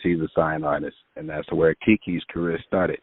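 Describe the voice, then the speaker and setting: A man's voice: a bass voice, level tone, moderate pace, dry recording. A man, a music producer guest, telling long casual stories in an interview with many fillers. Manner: rambling anecdotes with many fillers. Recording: tinny phone-line sound.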